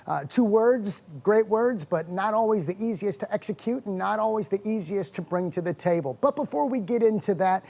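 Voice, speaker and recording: A man hosting a wellness show, telling a story about his morning in a casual, animated and self-mocking way. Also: high-pitched, normal speed, vocal fry, hardly any pauses.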